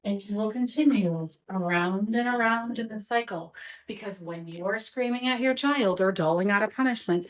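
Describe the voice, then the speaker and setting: A woman parenting educator talking straight to the viewer in an animated, explanatory way, calling them "dear parent". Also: mid-range voice, normal speed, rough recording. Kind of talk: explanatory talk to camera.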